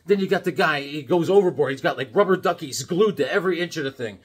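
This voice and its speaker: A man's voice: fairly high pitch, fast, husky. A middle-aged man chatting casually about his comic books, wandering off into jokey stories as he goes. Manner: rambling, jokey storyteller. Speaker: comic book collector vlogger. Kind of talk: casual show-and-tell chat.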